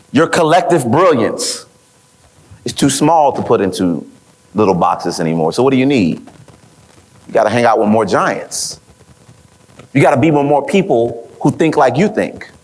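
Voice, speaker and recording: A man speaks to a live room in a motivational talk. His pitch swings widely as he tells stories and acts out quotes. He lands his key lines with rhetorical repeats, in a mid-pitched voice. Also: unhurried, long pauses. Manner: rhetorical repeats, quoting others in lively voices. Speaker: speaker at an event.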